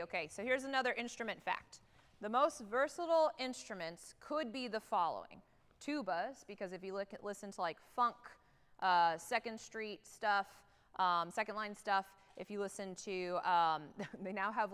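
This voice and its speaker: A woman conducting a high school band rehearsal, energetic and singing rhythms aloud to demonstrate them. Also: clean tone. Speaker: guest conductor. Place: large theatre stage. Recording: reverberant hall.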